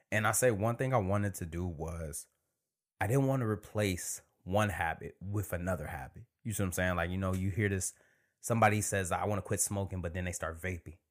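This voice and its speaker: Male podcast host, low-pitched, relaxed chat with hushed asides. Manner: relaxed and conversational, drops into near-whispers for emphasis. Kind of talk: casual solo podcast monologue.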